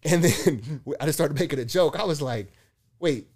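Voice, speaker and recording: This middle-aged man's voice is a little high and moves at a moderate pace. A motivational speaker, he's chatting casually on a podcast, animatedly acting out dialogue in his anecdotes and swearing without restraint.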